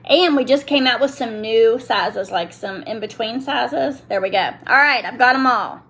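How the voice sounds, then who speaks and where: A middle-aged woman with a fairly bright, somewhat high voice and a breathy edge speaks at normal speed. Selling nail products on a live stream, she chats casually while demonstrating, talks to viewers and kids, and often breaks off mid-sentence.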